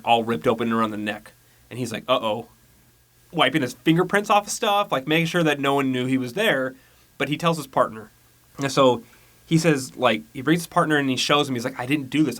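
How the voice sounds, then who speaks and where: A man casually recapping a movie plot on a podcast, rambling along and acting out the characters' lines in quick voices. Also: medium pitch, fairly bright tone. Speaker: podcast co-host.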